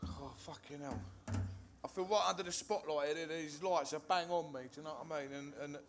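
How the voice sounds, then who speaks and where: His voice is a little high with fairly even intonation and a slightly fast pace, against background noise. The speaker, an Englishman from Hertfordshire, stands on a meeting-hall stage sharing his recovery testimony with a live audience, nervous, swearing often and restarting what he says.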